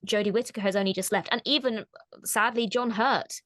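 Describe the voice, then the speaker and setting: A woman's voice: medium pitch, fairly quick, a bit bright, no room sound, studio quality. A woman co-hosting a casual discussion, who talks thoughtfully and often restarts her sentences. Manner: thoughtful, hesitant, many restarts. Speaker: co-host.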